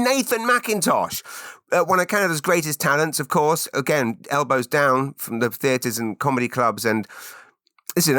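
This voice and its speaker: A man's voice: medium pitch, bright, forceful tone, no echo, studio quality. A man hosting a solo podcast, jumping between tangents and jokes. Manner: tangential, jokey, many fillers and restarts. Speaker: podcast host.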